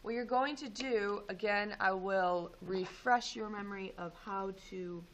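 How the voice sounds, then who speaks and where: A woman teaching math, going over homework and walking students through steps in a relaxed way with frequent ums. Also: mid-range voice, measured pace, a little hiss or hum, poor audio. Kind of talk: homework review and lesson.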